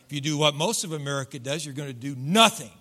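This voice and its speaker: A middle-aged man delivers a sermon from a church pulpit with a folksy, teasing manner. His voice sits a little high and rings bright and forceful, and he slips into playful voices of his listeners. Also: expressive, quick pace. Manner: folksy, joking preacher acting out congregants. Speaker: pastor. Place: church sanctuary.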